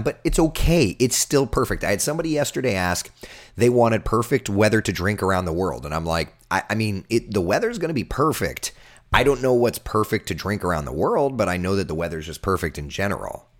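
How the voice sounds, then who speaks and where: Hoarse weatherman with a deep voice, loose and jokey while chatting with viewers. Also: expressive, fairly quick. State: hoarse, voice recovering. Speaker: TV meteorologist hosting a live chat. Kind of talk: casual live-stream chat reading viewer comments.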